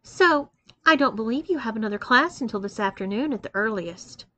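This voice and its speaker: A domineering young college woman, read by a woman narrator, commanding and taunting in a confident, slightly high voice. She bosses and teases in an audiobook-style story reading. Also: animated, brisk, pushed and bright.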